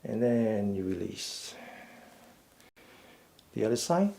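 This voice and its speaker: Guy teaching a chair exercise class, slow and patient, talks you through each step. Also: on the low side, expressive, vocal fry, mellow, slight background noise. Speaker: fitness and meditation instructor. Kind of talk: guided seated exercise class.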